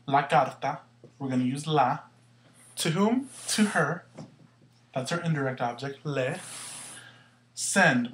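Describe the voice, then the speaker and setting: A man's voice: fairly high pitch, fairly bright tone. A man teaching a Spanish grammar lesson, explaining patiently step by step and asking questions as he goes.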